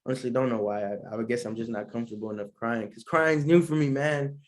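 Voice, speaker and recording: A man's voice: medium pitch, fast. A young man, hosting a solo podcast in a laid-back, rambling way and laughing often. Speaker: podcast host. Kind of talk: casual solo podcast chat.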